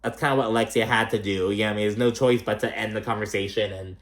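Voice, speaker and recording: A man's voice: lowish voice, steady tone, quick pace. Chatty, gossipy young man. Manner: chatty, gossipy, swears a lot. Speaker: recap host. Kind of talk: casual reality TV recap.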